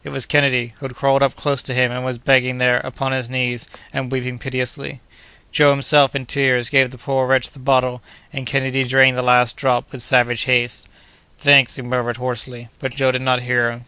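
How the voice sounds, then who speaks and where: A man reading a classic adventure novel aloud in a steady, measured narration. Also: medium pitch, smooth, dry recording. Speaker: audiobook narrator. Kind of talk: scripted narration.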